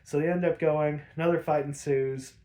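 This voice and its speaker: A man's voice: a little high, steady tone, normal speed, warm tone. A man hosting a podcast, casually recapping cartoon episodes with sarcasm, frequent laughter and swearing. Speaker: podcast host.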